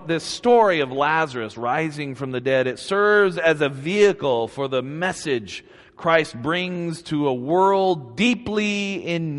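Slow, earnest preacher man in a reverberant hall. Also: a little high. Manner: slow, earnest, conversational preaching with rising emphatic peaks. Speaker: pastor. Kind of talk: sermon. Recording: long reverb of a church hall.

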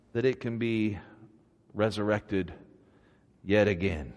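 A man preaches in a relaxed, conversational sermon, unhurried and earnest, now and then rising to emphatic peaks. His voice sits at an ordinary middle pitch. It rings out with the long reverb of a church hall. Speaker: pastor.

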